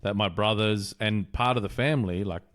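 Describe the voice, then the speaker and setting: Low-voiced Australian man telling jokes. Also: moderate pace, a bit bright. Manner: jokey storyteller, laughs often. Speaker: podcast co-host. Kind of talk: casual podcast chat.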